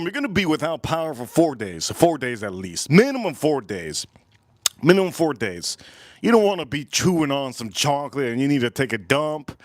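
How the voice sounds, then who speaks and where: A man hosting a casual whiskey tasting livestream, rambling and profane, repeating himself with loud bursts. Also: a little high, no echo, clean studio sound. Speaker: whiskey reviewer and livestream host.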